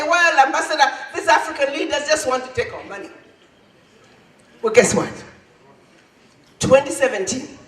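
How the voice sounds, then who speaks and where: Impassioned high-voiced woman in an echoey hall. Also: far from the mic. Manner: impassioned, rhetorical, rising to shouts. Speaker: ambassador. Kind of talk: public speech at an event. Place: large event hall.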